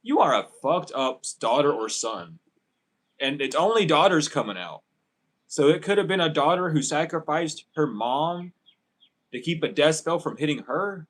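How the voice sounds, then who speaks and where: A man's voice: on the high side, big pitch swings, normal speed, fairly bright tone, rough recording. A man doing a casual tarot reading for viewers, ranting and swearing as he talks straight to them. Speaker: tarot reader.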